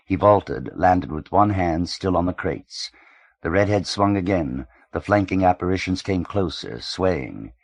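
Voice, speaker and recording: A man reading a novel aloud in measured, even audiobook narration. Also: sits low, no echo.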